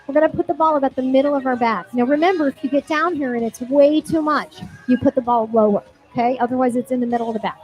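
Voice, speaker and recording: A woman fitness instructor leads a barre class, counting reps and giving encouraging cues with cheerful whoops. Her high-pitched voice is fast, with hardly any pauses, and a little mellow. Workout music plays behind her, and the audio is dull.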